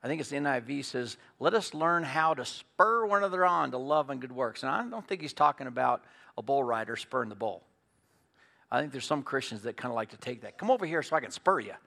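A middle-aged man preaching a sermon as pastor, folksy and storytelling, moving between loud emphatic points and quiet earnest asides. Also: medium pitch, a little fast, gravelly.

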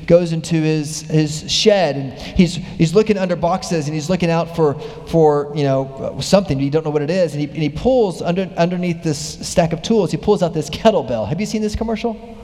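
Animated preacher man in a reverberant hall. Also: on the high side, moderate pace. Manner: animated storytelling, voice rising with excitement. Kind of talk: sermon.

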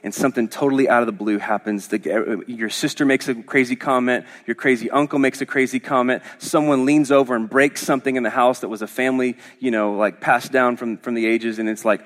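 A man's voice: mid-range voice, steady tone, fairly quick, few pauses. A man from Oklahoma preaching a sermon as pastor, in a conversational, joking storytelling manner with frequent restarts.

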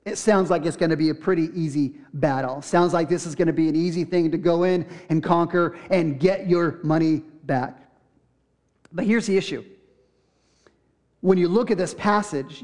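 High-voiced young pastor telling a story. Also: male voice, a little mellow. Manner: casual storytelling with acted-out quotes. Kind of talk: sermon.

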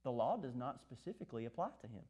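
A man preaching a sermon, lively and animated, acting out the words of the text. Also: fast talker. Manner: animated, acts out scripture quotes with rising pitch.

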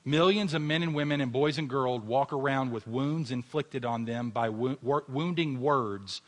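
A man preaches to his congregation in a mid-pitched voice. He is earnest and exhorting, and he builds at times to fervent emphasis before he closes in prayer. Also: normal speed. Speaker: pastor. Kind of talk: sermon with closing prayer.

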